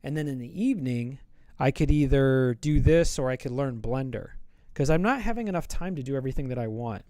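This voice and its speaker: Chatty male streamer sketching live. He wanders between thoughts playfully, with a smooth, dry, close sound. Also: medium pitch, animated, a little fast, warm tone, dry recording. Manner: rambling, playful, thinks aloud. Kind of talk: casual live-stream chat while drawing.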